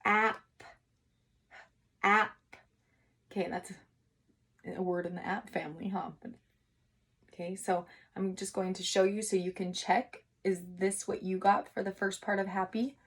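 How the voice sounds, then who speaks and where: A woman teacher giving a recorded writing lesson to young children, speaking slowly and encouragingly and sounding out syllables. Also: medium pitch, flat delivery, a little mellow, slightly rough. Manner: slow, encouraging, sounding out words for kids.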